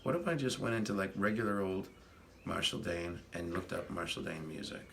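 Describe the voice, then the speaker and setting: A man's voice: low voice, fairly even intonation, a little fast, vocal fry, fairly bright tone, slight background noise. A man hosting a casual livestream chat, rambling as he greets viewers and reads their comments while fiddling with the stream. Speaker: livestream host.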